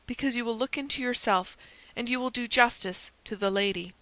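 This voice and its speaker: A woman's voice: on the high side, a little fast, fairly bright tone, no echo, pitched above the performer's own voice, lightly acted, low-quality recording. A woman reading the part of an intense young man who pleads and threatens, her voice raised and urgent. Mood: pleading. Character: fervent young man, stern zealot.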